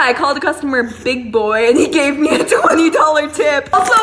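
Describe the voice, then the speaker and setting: A woman's voice: high-pitched, bright, forceful tone. A woman telling a casual storytime, chatty and playful, mimicking customers. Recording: echoey room with noisy background.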